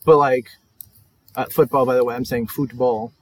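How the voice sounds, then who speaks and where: A man's voice: mid-range voice, steady tone, moderate pace. Wry, joking podcast co-host, a man. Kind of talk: casual chat.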